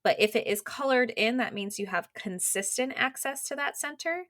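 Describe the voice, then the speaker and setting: A woman guest on a podcast, a business coach, explaining in casual, animated talk full of "like" fillers. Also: on the high side, normal speed, no room sound, clean studio sound. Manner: animated, quotes imagined inner voices, many "like" fillers.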